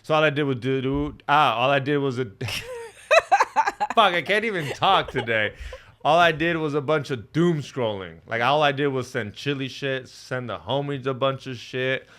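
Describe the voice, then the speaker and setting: Brief: male podcast host, bright crisp voice, hyped and crude, slightly high. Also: moderate pace. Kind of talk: casual chat, show intro.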